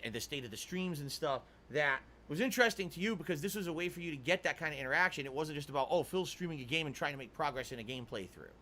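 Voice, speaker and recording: Fast-talking exasperated male streamer. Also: on the high side, bright, forceful tone, slight background noise. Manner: exasperated, lecturing his chat. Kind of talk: stream clip talking to chat. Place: home.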